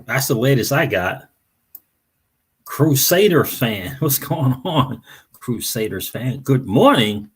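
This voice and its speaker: A man's voice: mid-range voice, big pitch swings, takes it slowly, slightly rough. A man hosting a crypto livestream, chatting casually, greeting viewers by name and repeating phrases. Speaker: crypto channel host.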